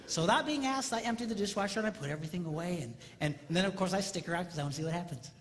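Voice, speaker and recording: A man giving a comedic seminar talk on marriage, animated and mimicking squealing women in falsetto. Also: rapid-fire, noisy background. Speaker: comedic relationship speaker. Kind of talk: stand-up style seminar talk. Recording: live hall, faint ambience.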